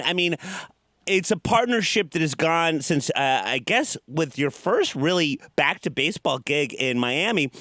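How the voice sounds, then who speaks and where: A man's voice: high voice, fairly bright tone, no room sound, studio quality. A man co-hosting a talk show, asking long rambling questions full of fillers. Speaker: co-host. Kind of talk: casual talk show chat.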